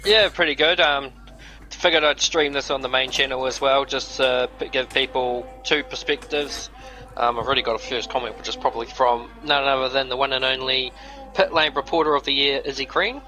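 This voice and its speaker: A man co-commentating a sim race, casual and relaxed, calling out lap times and incidents. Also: medium pitch, fairly quick, soft background music, poor audio. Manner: casual, relaxed, reads out timing updates. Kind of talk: live esports race commentary.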